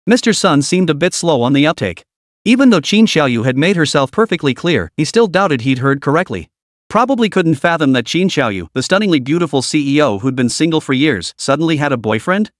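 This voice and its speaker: A man narrating a comic-drama story recap in a steady, scripted way. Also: a little high, brisk, no echo, clean studio sound.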